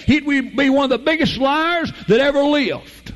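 A man preaching a fervent, folksy sermon, leaping to high emphatic peaks and slowing down to draw out key phrases. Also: animated. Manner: fervent, with sudden jumps to a high emphatic pitch and drawn-out slow phrases; folksy, informal grammar, addresses listeners as folk.

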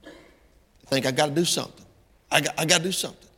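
Gravelly, high-pitched preacher man. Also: fast, in a large hall. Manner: folksy preaching that rises to impassioned shouting. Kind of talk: sermon.

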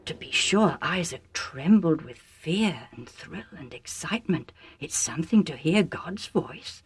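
A woman narrating a storybook for children, chatty and warm, with asides to the listener. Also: sits low, animated, measured pace, slightly rough, dry recording.

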